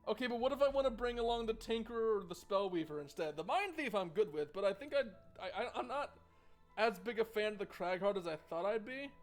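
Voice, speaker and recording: A man with a high voice streams a game and chats with his viewers in a joking, sarcastic tone. He reads the game's story text aloud between his own remarks. Faint game music plays under his voice. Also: animated, brisk. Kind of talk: casual let's-play commentary, reading game text aloud.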